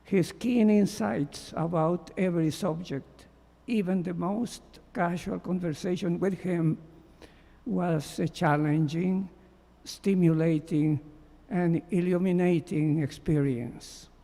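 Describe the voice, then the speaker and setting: Slow, gravelly man in a hall. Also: sits high, mellow. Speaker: memorial speaker, former doctoral student. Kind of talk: reading a prepared memorial tribute. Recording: long hall reverb.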